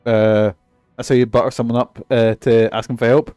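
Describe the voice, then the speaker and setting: A man's voice: medium pitch, little pitch movement, normal speed, dark tone, clean tone, dry recording, soft background music. A Scottish man streaming a video game, chatting casually in a profane, joking, rambling way.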